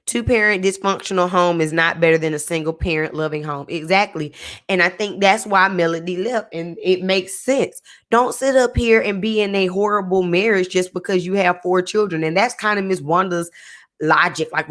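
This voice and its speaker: A woman with a slightly low voice recaps a reality show in a casual, sassy way. She talks like she's chatting with a friend and keeps dropping slang asides as she goes. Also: normal speed, a bit bright. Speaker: TV recap reviewer.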